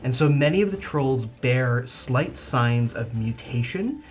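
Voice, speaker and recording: A man narrating as game master of a tabletop game, lively with some halting restarts. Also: mid-range voice, faint music behind.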